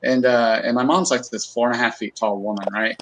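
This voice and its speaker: A man's voice: medium pitch, fairly even intonation, a little fast, fairly bright tone, a little hiss or hum, low-quality recording. Rambling middle-aged man telling stories. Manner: rambling storyteller, many fillers and restarts. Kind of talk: casual livestream chat.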